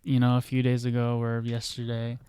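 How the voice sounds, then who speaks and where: A man's voice: mid-range voice, monotone, a little fast, mellow, clean tone, close to an everyday voice. A man doing an earnest teenage girl. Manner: earnest, plain questioning. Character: worried teenage girl searching for her father.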